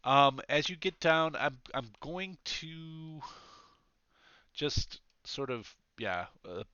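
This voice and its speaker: A man running a tabletop game as game master, narrating in a relaxed, rambling way with many fillers. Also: fairly high pitch, slow pace, smooth, no room sound. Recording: dull, slightly lo-fi mic.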